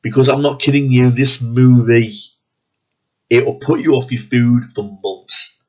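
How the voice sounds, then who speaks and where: A man's voice: mid-range voice, fairly even intonation, measured pace, dark tone. A man ranting bluntly and profanely in a movie review, sounding disgusted and exasperated. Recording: dull lo-fi recording.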